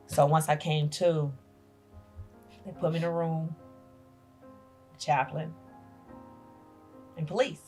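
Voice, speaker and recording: A middle-aged woman, a grandmother, telling a painful personal story as a podcast guest, halting and emotional, repeating her phrases. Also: sits low, fairly even intonation, a little mellow, soft background music.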